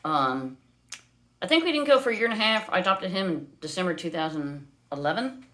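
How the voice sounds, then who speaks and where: A woman from the United States, owner of a pet parrot, chatting casually on a live stream and often switching to a high, sing-song voice to coo at her bird. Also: very animated, brisk, a bit bright.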